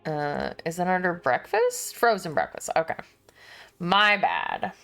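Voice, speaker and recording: Shopping online on stream, this young woman chats with her audience, musing out loud and frequently breaking into laughter. Her pitch leans low, with a sing-song lilt and a slightly slow pace.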